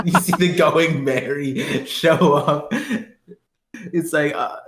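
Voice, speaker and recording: A man's voice: on the high side, slow, background noise. A man co-hosting a podcast, in casual chat full of crude jokes, laughing often. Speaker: podcast co-host. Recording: roomy echo.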